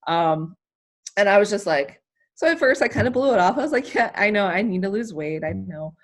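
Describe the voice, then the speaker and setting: A woman from the United States, an athlete telling her story as an interview guest, emotional and animated, rambling with many fillers. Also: mid-range voice, fairly quick. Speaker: interview guest, hammer thrower.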